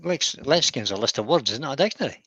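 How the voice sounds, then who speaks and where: A man taking part in an online quiz, who chuckles and thinks his answers through out loud. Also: mid-range voice, animated, quick pace, breathy edge, no room sound, lo-fi sound. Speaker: quiz contestant. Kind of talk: casual chat.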